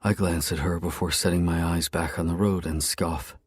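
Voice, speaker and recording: Deep-voiced man narrating a brooding romance. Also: steady tone, normal speed, hardly any pauses, husky, dry recording, studio quality. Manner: low, brooding, intense delivery. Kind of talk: first-person romance story narration.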